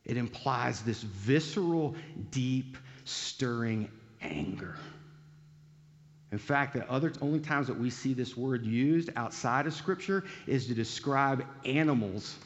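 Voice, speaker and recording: A man preaches a sermon, talking with his listeners and asking them questions, and he briefly acts out the lines he quotes. His voice is of middling pitch and sounds a little dull. A long hall reverb trails after his words. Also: moderate pace, hardly any pauses. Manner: conversational preaching, rhetorical questions, acted-out quotes. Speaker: pastor.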